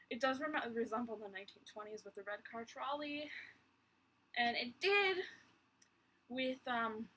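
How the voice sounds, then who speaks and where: A woman's voice: a little high, sharp tone, breathy edge, poor audio. A young woman vlogging from her bedroom in a rambling, exasperated chat full of sighs and little laughs. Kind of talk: casual chat.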